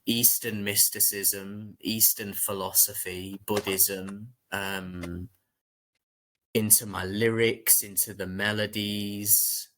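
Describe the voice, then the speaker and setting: A man who is a podcast guest, actor and musician, speaking reflectively with many pauses and fillers. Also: on the low side, fairly bright tone. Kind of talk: reflective conversation.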